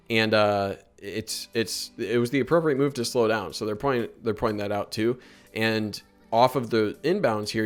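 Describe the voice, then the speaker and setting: Man, low voice, casual game film commentary, conversational, critical of the calls, faint music behind. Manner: conversational, critical of officiating, many fillers. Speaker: sports analyst breaking down game film.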